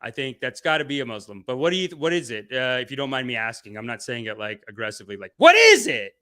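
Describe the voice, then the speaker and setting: A man's voice: mid-range voice, fast, sharp tone, clear, resonant tone. A man hosting a livestream as a comedian, rambling through tangents, joking around and reading viewer comments aloud. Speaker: comedian and show host.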